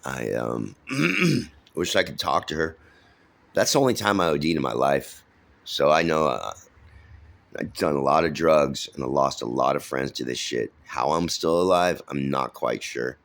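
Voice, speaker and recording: A man's voice: a bass voice, expressive, measured pace, gravelly, a bit bright. A middle-aged man from San Francisco, rambling through his life story in casual, profane talk full of fillers and restarts.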